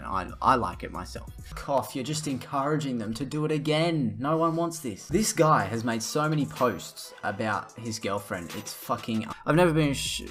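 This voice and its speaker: A man's voice: mid-range voice, fairly bright tone. A young man in a casual vlog, ranting sarcastically with lots of swearing as he reacts to what he reads. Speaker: vlogger. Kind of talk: profane reaction rant.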